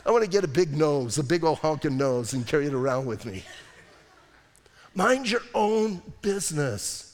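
A man preaching a casual, joking sermon as pastor, acting out quick asides in other voices. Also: mid-range voice, in a large hall. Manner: animated, jokey preaching with acted asides.

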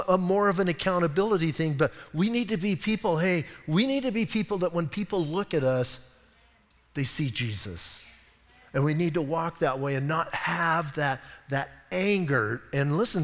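A man's voice: on the high side, in a large hall. A man preaching a sermon as pastor, conversational and self-deprecating, telling funny stories about himself. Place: church sanctuary.

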